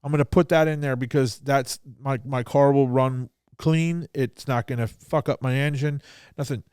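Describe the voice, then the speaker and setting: Smooth-voiced blunt podcast host, a man. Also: medium pitch, normal speed, no echo, clean studio sound. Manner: blunt and profane, animated, acting out both sides of a dialogue. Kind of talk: casual conversational storytelling.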